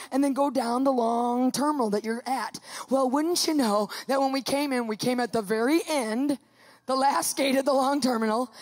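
A woman with a high voice tells a funny story to listeners. She is animated and emphatic, and she leans into every dramatic turn of her retelling. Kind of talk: comic storytelling monologue.

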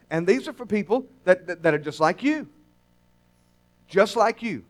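A man preaching a sermon at a church service. He talks in a folksy, teasing way to the congregation and swells to emphatic near-shouts on key phrases. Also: sits high. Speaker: pastor.

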